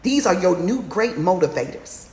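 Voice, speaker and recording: A woman coaching a women's challenge in a motivational livestream talk, urging listeners on with fiery, repetitive exhortations that climb to near-shouts. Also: lowish voice, animated, moderate pace. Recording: roomy echo with faint background noise.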